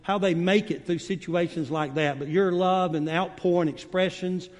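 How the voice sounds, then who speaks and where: Male preacher; high-pitched and folksy, miked in a big, reverberant sanctuary. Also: fairly even intonation, normal speed. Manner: warm, folksy storytelling with many fillers. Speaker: guest preacher. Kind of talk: sermon. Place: church sanctuary. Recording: long reverb of a church hall.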